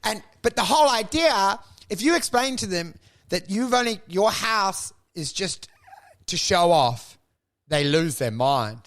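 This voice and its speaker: A man, co-hosting a casual podcast chat, animated and swearing freely. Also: sits high, measured pace. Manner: animated, swearing, swings into loud put-on voices. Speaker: podcast co-host.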